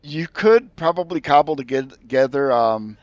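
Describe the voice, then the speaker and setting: A man's voice: medium pitch, animated, measured pace, no room sound. A man running a tabletop game as game master, narrating in a rambling, easygoing way. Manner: rambling, easygoing, with many fillers. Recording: dull lo-fi sound in a dry room.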